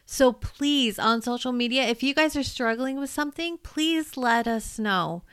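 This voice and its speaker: A woman teacher telling a funny classroom story in an animated way, laughing as she goes. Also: sits high, unhurried, clean tone. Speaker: teacher and podcast co-host. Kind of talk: personal storytelling.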